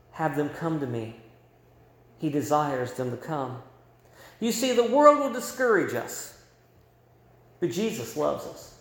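A male pastor preaching a sermon in a church, telling a story and moving between loud and hushed delivery. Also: high-pitched, creaky. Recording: roomy echo.

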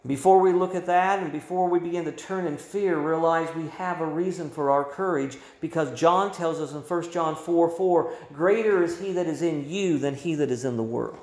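A male pastor preaching a sermon with emphatic delivery, his voice swelling and dropping. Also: high-pitched. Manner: emphatic preaching with rising and falling volume. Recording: roomy echo.

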